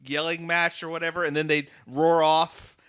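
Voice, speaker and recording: A young man co-hosting a podcast, chatting excitedly and jumping in to recount events. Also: on the high side, smooth, no room sound, studio quality. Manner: excitable, quick to jump in. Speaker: podcast co-host. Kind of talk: casual storytelling chat.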